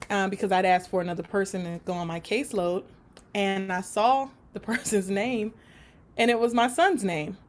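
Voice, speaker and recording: A woman recounts a story from her work in a lively, animated way, laughing often and slipping into the voices of the people she describes. Her delivery is conversational and unscripted. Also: mid-range voice. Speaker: guest; support worker for people with autism.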